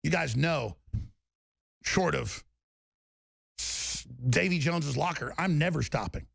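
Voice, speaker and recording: A man's voice: on the high side, lively intonation, takes it slowly, gravelly, fairly bright tone, slightly rough, no echo, clean studio sound. A man delivering an angry political rant, heated and emphatic, with mocking asides. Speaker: political commentator.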